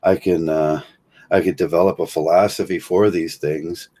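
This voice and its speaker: Low husky-voiced Midwestern man rambling. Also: steady tone, warm tone. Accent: American Midwest. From Ohio, USA. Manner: halting, many fillers and restarts, chuckles often. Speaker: livestream host. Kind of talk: rambling livestream monologue.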